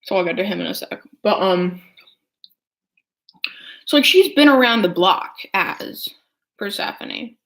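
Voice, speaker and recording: A young woman vlogger talks while eating in a rambling, filler-laden casual chat. Her mid-range voice is expressive and a bit bright, and she speaks a little slowly with long pauses.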